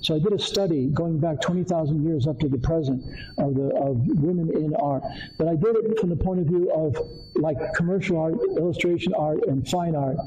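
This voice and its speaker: A man's voice: on the high side, mellow, low-quality recording. An older man from Connecticut presenting his artwork to a live audience, telling stories with frequent fillers and restarts. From Connecticut, USA. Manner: rambling, anecdotal, frequent fillers. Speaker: artist giving a seminar talk. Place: community arts center meeting room.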